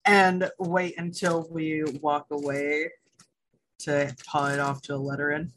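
Female player, low voice, playful casual chat at the game table. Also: level tone, measured pace, a little hiss or hum, poor audio. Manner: laughing, playful, eager.

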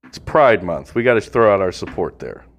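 A man co-hosting a podcast, calling baseball pitches between crude, joking banter with friends. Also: moderate pace. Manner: crude, joking, bursts into excited yelling. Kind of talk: casual banter with play-by-play.

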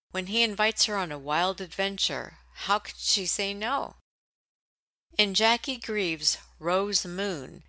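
A woman narrating book blurbs for an audiobook in a smooth, teasing promo manner. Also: mid-range voice, bright, forceful tone, no echo, poor audio.

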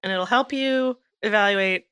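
A woman's voice: mid-range voice, normal speed, fairly bright tone, clear, resonant tone, no echo, clean studio sound. A woman co-hosting a casual podcast chat, candid and self-deprecating, laughing often. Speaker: podcast co-host. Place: home, rain heard outside.

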